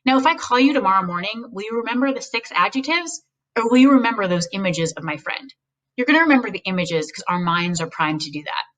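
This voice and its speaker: A woman speaking as a guest, giving casual, animated advice on speechwriting and mimicking voices now and then. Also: mid-range voice, fast talker, recorded from a distance, poor audio. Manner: animated, acts out quoted voices, speaks frankly.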